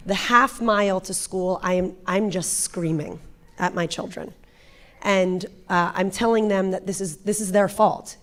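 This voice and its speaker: A woman, a working mother, giving a frank and animated personal testimony in church. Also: medium pitch, a little slow. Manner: frank, animated confessional storytelling. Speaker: guest speaker, pastor's wife.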